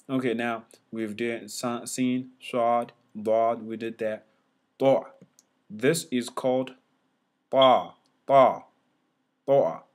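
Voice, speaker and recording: A man talks through a relaxed whiteboard lesson at an unhurried pace. He repeats each letter sound several times, with fillers and restarts, and his voice sits at an ordinary middle pitch. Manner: slow, repetitive, sounds letters out loud. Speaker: teacher.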